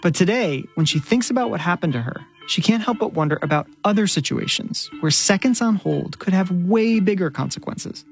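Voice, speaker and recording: A woman reporter narrating a radio news story in a measured, clear storytelling voice. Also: on the low side, lively intonation, faint music behind.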